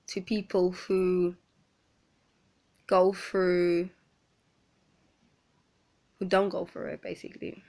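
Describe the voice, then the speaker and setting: A woman speaking earnestly in a personal confessional vlog, pausing often. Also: on the low side, fairly bright tone. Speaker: vlogger.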